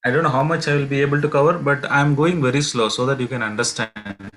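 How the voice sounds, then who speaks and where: A man, teaching as a pilgrimage guide, telling devotional stories in a halting way with many fillers and restarts. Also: mid-range voice, steady tone, fairly bright tone, a little hiss or hum, low-quality recording. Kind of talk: devotional storytelling lesson.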